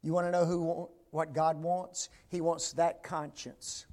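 A man preaching a sermon, swinging between loud emphatic peaks and hushed near-whispers and asking the congregation frequent rhetorical tag questions. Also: a little high, flat delivery, unhurried.

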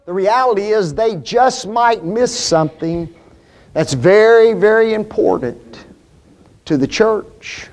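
A man preaching a sermon, stressing key words slowly and asking the congregation questions. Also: high voice, animated, a little mellow.

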